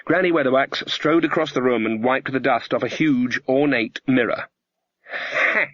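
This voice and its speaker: A man narrating a fantasy audiobook in an even, measured storytelling manner. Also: medium pitch, dry recording, lo-fi sound. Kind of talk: scripted narration.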